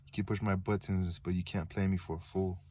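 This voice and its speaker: A man's voice: low voice, little pitch movement, brisk, mellow. A man reading a sarcastic young prince.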